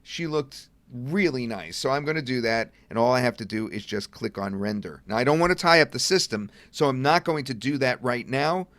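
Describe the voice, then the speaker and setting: A middle-aged man presenting a software demo in a casual webinar, chatting and thinking aloud as he clicks through at a computer. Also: medium pitch, lively intonation, moderate pace, few pauses, dry recording. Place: at a computer desk.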